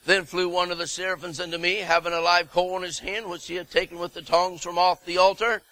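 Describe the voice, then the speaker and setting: A middle-aged man preaching a fervent sermon, breaking into shouts of repeated words and folksy asides to the congregation. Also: high voice, little pitch movement, a little fast, dry recording, low-quality recording.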